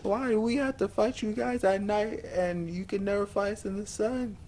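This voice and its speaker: A man voicing a young male swordsman who yells in shrill, tearful grief. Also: fairly even intonation, normal speed, a little hiss or hum. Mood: anguished.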